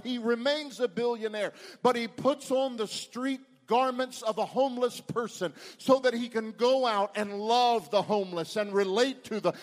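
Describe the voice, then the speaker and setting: A man preaching a sermon as pastor, dramatic, swinging between loud and hushed delivery. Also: very high voice, moderate pace, hardly any pauses. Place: church sanctuary. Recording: long reverb from a church hall.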